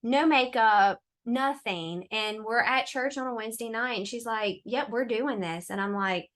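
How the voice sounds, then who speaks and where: A woman, a podcast guest telling a story in an animated, sarcastic way and laughing often. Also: a little high, normal speed, hardly any pauses. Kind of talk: casual storytelling chat.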